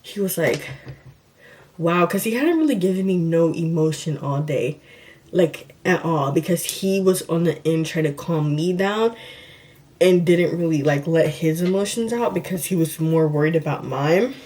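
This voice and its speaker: A young woman with a slightly low voice tells a casual storytime vlog. She chats loosely with plenty of fillers and slips into the voices of the people in her story. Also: normal speed, a little mellow. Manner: chatty, acts out quotes of herself and others, many fillers. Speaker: vlogger.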